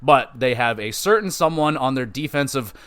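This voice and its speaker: A man's voice: mid-range voice, normal speed. Man, podcast host, casual solo show, medium voice, rambling, swears a lot, corrects himself. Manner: rambling, swears freely, lively asides and self-corrections.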